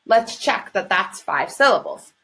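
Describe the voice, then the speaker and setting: Woman teacher, recorded lesson for young kids, slow, clear and encouraging, middle pitch. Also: big pitch swings, fairly bright tone. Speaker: first grade teacher.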